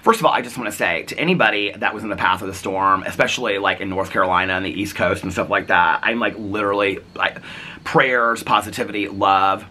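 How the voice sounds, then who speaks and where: A chatty man tells a long story to his camera in a rush, packing it with fillers and quoted lines. His voice sits fairly low but sounds bright and forceful. A faint hum runs behind him. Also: fast talker. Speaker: vlogger.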